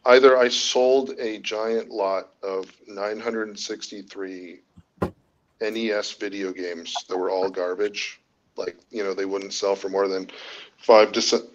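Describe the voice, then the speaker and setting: A man with a fairly low voice answers questions on a casual live stream. He rambles, stops and starts, and corrects himself as he goes. The call audio is dull and lo-fi. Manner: rambling, halting, self-correcting. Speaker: guest reseller.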